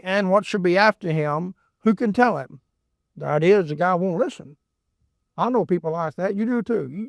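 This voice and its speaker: A man's voice: high-pitched, dry recording. A man teaching a Bible book verse by verse in a folksy, rambling way, often repeating words and adding asides. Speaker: preacher.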